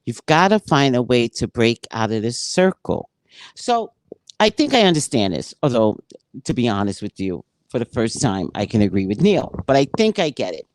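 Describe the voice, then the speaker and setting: A woman who works as a psychic, reading from a spiritual book and commenting on it, acting out dialogue like an animated storyteller. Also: extremely low pitch, normal speed, no room sound.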